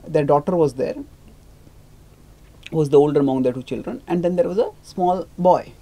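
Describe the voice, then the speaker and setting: A storyteller retells an ancient scripture episode in a lecture, pausing to explain terms. The voice is mellow and medium in pitch, with frequent restarts and fillers. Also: rough recording.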